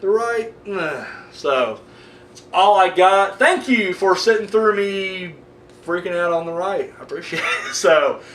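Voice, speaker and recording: A man ranting casually and profanely in a movie review, swinging between loud outbursts and mumbling. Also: sits high, lively intonation, measured pace, echoey room, recorded from a distance.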